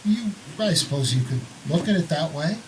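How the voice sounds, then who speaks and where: A player speaking in character in a tabletop game, hesitant and halting with many pauses. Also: mid-range voice, expressive, far from the mic, background noise. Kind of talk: in-character role-play.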